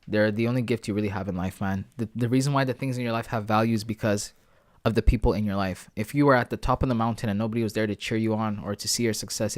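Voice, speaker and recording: A man's voice: on the low side, steady tone, quick pace. A young man hosting a trading livestream, choked up and tearful as he talks openly to his chat. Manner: emotional, reads chat aloud, heartfelt.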